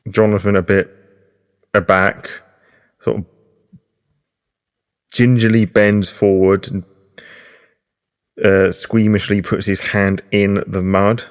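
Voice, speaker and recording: Man player, very low voice, calmly narrates what his character does. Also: takes it slowly, pauses often, clear, resonant tone. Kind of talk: tabletop game play, describing his character.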